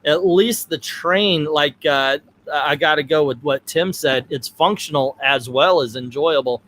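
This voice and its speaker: A man's voice: on the high side, unhurried, fairly bright tone, slight background noise. A man hosting a casual chat, joking and stammering a little as he steers the discussion. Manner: jokey, stammers on restarts, leads the discussion. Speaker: podcast host.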